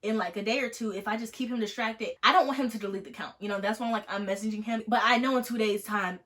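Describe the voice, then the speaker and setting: Fast-talking young woman telling a story. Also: a little high. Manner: animated, sassy, acts out texts. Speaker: vlogger. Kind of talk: storytime chat.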